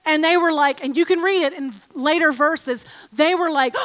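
A woman giving an informal Bible teaching, reading aloud from scripture and a commentary with emphatic, expressive delivery. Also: high voice, normal speed, hardly any pauses.

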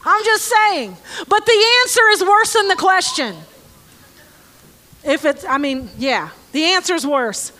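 Female preacher, very high and bright, slow scripture reading broken by sarcastic jokes at the congregation. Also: animated. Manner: joking, sarcastic asides to the congregation. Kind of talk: conversational sermon with Bible reading.

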